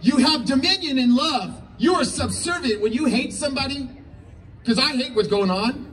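Fervent preacher in his fifties, high male voice, heard from a distance at a rally. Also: expressive, normal speed. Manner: fervent, preachy, rising into shouts. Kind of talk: impassioned sermon and prayer. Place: political rally. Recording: distant mic, faint ambient noise.

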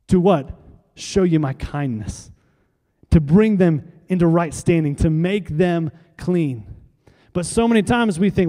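A man's voice: high-pitched, animated, measured pace, warm tone, big-room sound. A male pastor preaching a sermon, driving his points home with emphatic repeated phrases and leading the congregation in call-and-response. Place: church sanctuary.

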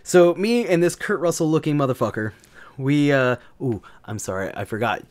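A gaming channel host from the American South tells a story in a slightly high, slightly mellow voice at a moderate pace. His casual tale is crude and jokey, rambling along with plenty of fillers.

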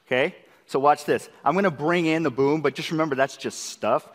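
Excitable man lecturing in a reverberant hall. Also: fairly high pitch, brisk. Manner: excitable, eager, peppers audience with rhetorical questions. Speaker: conference class presenter. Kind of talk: live software demo lecture. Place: large conference session room. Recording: long reverb of a conference hall.

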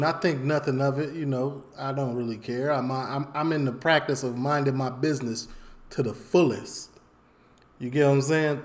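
A man, a vlogger, telling a casual storytime in a slangy, animated way, repeating phrases for emphasis. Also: mid-range voice, normal speed.

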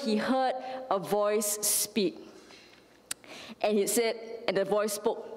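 A woman's voice: mid-range voice, unhurried, a little mellow, in a large hall. A woman from Singapore preaching a sermon, telling a story with frequent "right?" and "you know" asides. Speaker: lay preacher. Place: church sanctuary.

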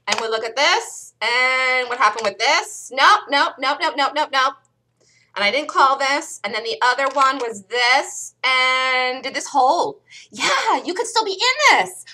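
An animated woman calls stock trades live, her pitch jumping all over as she cheers each move. Her voice sits a little high and sounds bright and tense, and it is getting worn from all that loud talk. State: losing her voice. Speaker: day trading show host. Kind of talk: live trading commentary.

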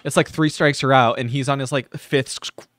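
A man's voice: medium pitch, steady tone, normal speed, fairly bright tone. A man giving crude, sarcastic live reaction commentary on a video, thanking viewers as he goes.

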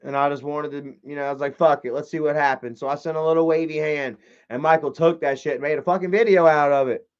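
Over dull lo-fi stream audio, a young man with a slightly high, clear, resonant voice chats casually on a livestream. He speaks quickly in a steady tone, rambling, swearing and packing in "you know" fillers.

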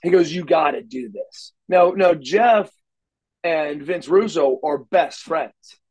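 A man's voice: a little high, slow pace, darkish tone, breathy edge, low-quality recording. A middle-aged man, an interview guest, telling stories casually and animatedly, acting out the dialogue with frequent restarts. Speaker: interview guest, former wrestler.

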